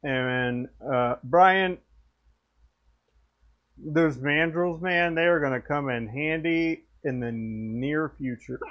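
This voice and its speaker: A man's voice: on the high side, slow pace, highs cut off. A man signing off his workshop live stream in a rambling, friendly way, tipsy and hiccuping. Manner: rambling, friendly, slurs thoughts. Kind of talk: casual live-stream sign-off chat.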